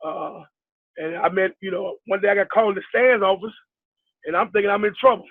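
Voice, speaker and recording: A man's voice: high-pitched, a little fast. A middle-aged man from New York, a basketball coach telling his story in a casual interview, rambling and acting out the people he quotes, with lots of fillers. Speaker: basketball head coach, guest. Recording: tinny dry phone-like line.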